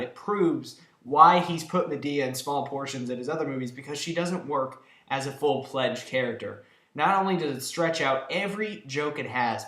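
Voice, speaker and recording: A man's voice: medium pitch, fairly bright tone. Male reviewer, exasperated and sarcastic, recorded in a roomy, reverberant space. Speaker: film reviewer. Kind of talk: ranting countdown review. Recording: echoey room.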